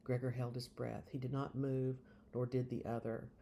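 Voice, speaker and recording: Man giving a measured audiobook reading. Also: medium pitch, level tone, vocal fry, dark tone, slight background noise. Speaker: reader of a novel.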